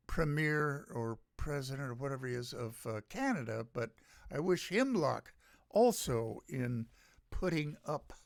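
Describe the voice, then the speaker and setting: An older man from the United States hosting a solo opinion rant, halting and sardonic, with frequent pauses. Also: medium pitch, gravelly, dry recording, studio quality. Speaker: podcast host.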